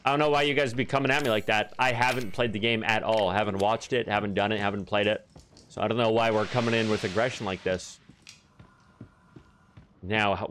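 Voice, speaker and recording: Through a desk microphone with slight background noise, a man with a fairly low and a bit bright voice streams a horror game. He keeps the commentary casual, joking, cursing and talking to his chat.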